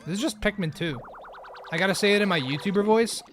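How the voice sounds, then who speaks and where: Man streamer, slightly high voice, loose and rambly, jokey live chat, faint music under. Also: fast. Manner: rambling, joking, often laughing at himself.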